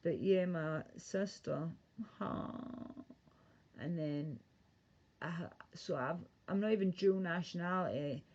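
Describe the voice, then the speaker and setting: A woman's voice: lowish voice, slow pace, a little mellow, slight background noise. A woman ranting casually and profanely on a livestream, rambling from one thought to the next. The sound is muffled, lo-fi audio. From Britain.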